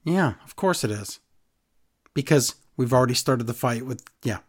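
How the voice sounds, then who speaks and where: A man's voice: mid-range voice, animated, moderate pace, slightly rough. A man co-hosting a casual wrestling recap chat, sarcastic and exasperated. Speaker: podcast co-host.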